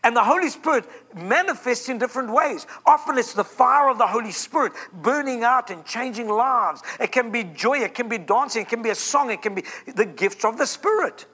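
A man's voice: extremely high pitch, lively intonation, brisk, hardly any pauses, bright, forceful tone, breathy edge. A man from Africa, preaching a fervent Pentecostal sermon as a guest preacher and repeating lines for emphasis.

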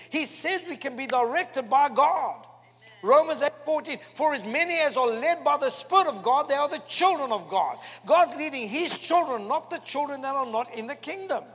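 Husky high-voiced preacher in a reverberant hall. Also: male voice. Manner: emphatic, animated preaching with quoted asides. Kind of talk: sermon. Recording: long hall reverb with faint music.

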